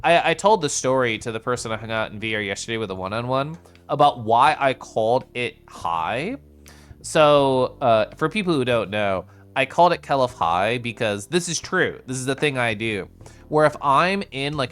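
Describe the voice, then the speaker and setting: A man streaming a casual chat with viewers, with playful sing-song intonation and drawn-out syllables, sometimes sinking into soft, quiet murmurs. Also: medium pitch, animated, smooth. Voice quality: comfy, distinctive voice. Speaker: livestreamer.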